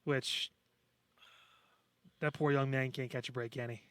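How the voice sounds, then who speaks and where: A man's voice: mid-range voice, steady tone, measured pace, fairly bright tone, dry recording. A man co-hosting a podcast in casual chat, blunt and sarcastic, with frequent swearing. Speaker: podcast co-host.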